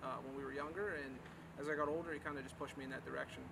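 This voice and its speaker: A joking man talks quickly, his voice a little gravelly. Loud background noise sits under him, with passing vehicles. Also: medium pitch, steady tone. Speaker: actor. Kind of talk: casual interview answer. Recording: noisy, traffic behind.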